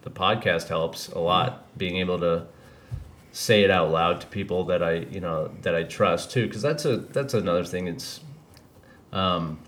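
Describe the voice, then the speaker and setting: Speaking at a moderate pace in a low, fairly bright voice, this podcast host keeps things loose and candid. He wanders from topic to topic, cursing freely throughout the casual chat.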